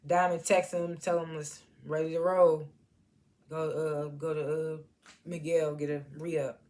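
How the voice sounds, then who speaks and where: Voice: medium pitch, level tone, measured pace, a little mellow. A TV reviewer casually recapping an episode in loose, slangy storytelling and chuckling at the scenes. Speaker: TV show reviewer.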